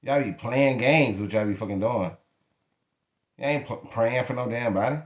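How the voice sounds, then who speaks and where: A man's voice: medium pitch, moderate pace. A man speaking to camera in an emotional venting monologue, blunt and emphatic, cursing freely. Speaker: vlogger. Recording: echoey room.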